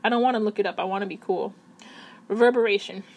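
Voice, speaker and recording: A woman's voice: medium pitch, rapid-fire, darkish tone. A woman talking casually to camera at her computer, chatty and rambling, often correcting herself. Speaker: vlogger.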